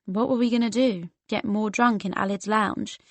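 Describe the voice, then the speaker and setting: A woman's voice: medium pitch, normal speed, no echo. A woman narrating an audiobook in the first person, in a wry, conversational manner.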